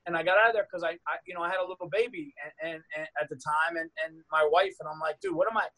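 A middle-aged man, a stand-up comedian, telling a story in casual chat with lots of swearing and quick asides. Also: a little high, flat delivery, sharp tone, low-quality recording.

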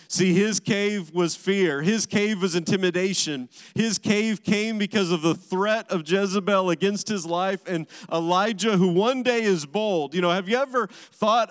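A man's voice: high-pitched, a little slow, hardly any pauses. A man preaching a sermon as a pastor, driving his points home with emphatic repeated phrases. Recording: large hall with long reverb.

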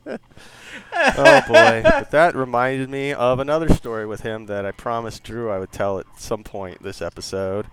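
A man's voice: mid-range voice, lively intonation, measured pace, a bit bright. Laughing, swearing podcast co-host, a man. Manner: laughs often, swears casually. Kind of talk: casual chat.

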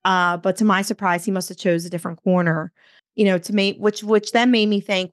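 Animated woman telling a story, dry sound. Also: mid-range voice, a little fast, dry recording. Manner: animated, swears, talks to herself in quotes. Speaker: podcast host. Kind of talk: casual storytelling.

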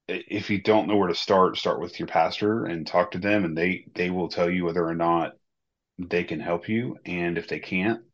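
A man co-hosting a podcast, sharing a personal story in casual talk, pausing often with fillers. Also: deep voice, a bit bright, dull audio. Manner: hesitant, many pauses and fillers. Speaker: podcast co-host.

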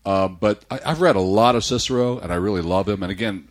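Deep-voiced older man chatting about books. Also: quick pace. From United States. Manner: relaxed, rambling storyteller who reads passages aloud. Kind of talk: casual chat about books.

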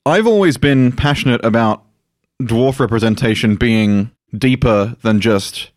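A man's voice: medium pitch, a little slow, no room sound, studio quality. A man chatting on a podcast, telling long digressive stories. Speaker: podcast co-host and tabletop player. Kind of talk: casual podcast chat.

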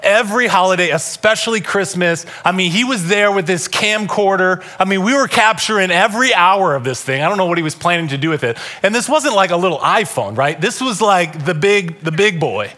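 A man in his thirties preaching a Christmas sermon to a live congregation, telling stories with loud bursts and soft asides. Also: high-pitched, a little fast, hardly any pauses. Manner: animated storytelling, shifting between loud bursts and soft asides. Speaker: pastor. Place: church hall, live congregation.

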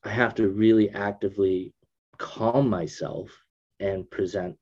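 A man in casual conversation, thinking aloud with restarts, usually subdued but getting emphatic when excited. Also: lowish voice, a little slow, breathy edge, muffled recording.

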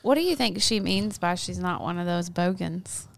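A woman's voice: lowish voice, lively intonation, moderate pace, vocal fry. A woman co-hosting a podcast, teasing and laughing often in casual banter. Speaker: podcast co-host.

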